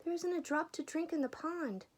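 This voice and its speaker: A woman voicing a worried, gentle male deer, speaking in an anxious, raised voice. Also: very high-pitched, normal speed, pitched above the performer's own voice.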